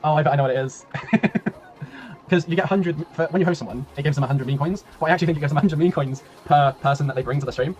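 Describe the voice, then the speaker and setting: Fast-talking man casting a stream. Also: fairly high pitch, a little mellow. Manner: chatty, laughing, rambling, swears, reads chat aloud. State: voice tiring, clearing throat often. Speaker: game caster and streamer. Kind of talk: casual live-stream commentary.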